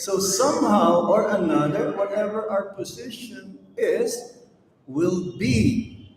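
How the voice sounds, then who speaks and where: A man giving a slow, emphatic devotional sermon to an audience, with rhetorical questions. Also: high-pitched, a little hiss or hum. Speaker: swami giving a lecture. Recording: echoey hall, mic at a distance.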